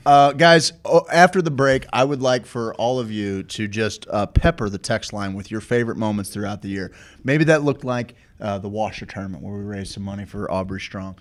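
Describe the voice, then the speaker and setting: A man's voice: lowish voice, moderate pace. A man hosting a casual talk show, reading sponsor spots and leading into a break with loose, filler-filled chat. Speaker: host.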